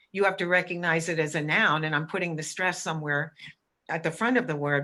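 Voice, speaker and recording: A middle-aged woman gives a lecture in a bright, forceful voice that sits a little low. She explains emphatically and sounds out example words. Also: a little fast. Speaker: teacher educator presenting. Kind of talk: webinar lecture.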